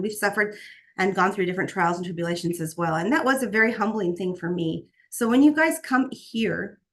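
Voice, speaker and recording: Woman, gravelly, earnest motivational speaker on a video call. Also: medium pitch. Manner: warm, earnest, faith-filled, many restarts. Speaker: guest speaker. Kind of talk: motivational talk on a group call.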